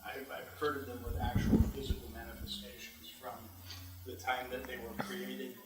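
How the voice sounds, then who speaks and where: Man chiming in from across a really echoey room, flat even tone. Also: mid-range voice, normal speed, distant mic, very noisy.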